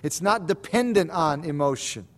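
A pastor preaching a sermon, swinging between soft lines and emphatic, repeated calls. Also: male voice, fairly high pitch, animated, normal speed. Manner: repeats words for stress.

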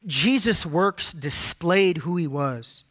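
A man's voice: on the high side, expressive, slow pace, fairly bright tone. A man preaching a sermon, reading scripture aloud and repeating key phrases for emphasis as he addresses the congregation.

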